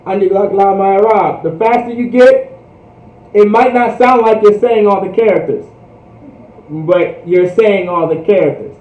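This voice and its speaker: A high-pitched man teaches a language class, repeating each phrase slowly and breaking off into casual asides. He sounds far from the mic in a roomy space, and the recording is dull. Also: fairly even intonation. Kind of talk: livestreamed language lesson. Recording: echoey, distant, dull lo-fi room sound.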